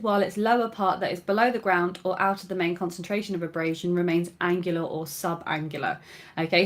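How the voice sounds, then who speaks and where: A woman teaching, methodically explaining an exam answer step by step. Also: fairly low pitch.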